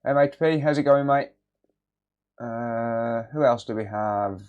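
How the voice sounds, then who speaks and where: A man hosting a casual repair livestream, greeting viewers by name in a relaxed, jokey way from a cluttered home workshop. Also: medium pitch, slow pace, clean tone, lo-fi sound. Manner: relaxed, jokey, reads chat names aloud.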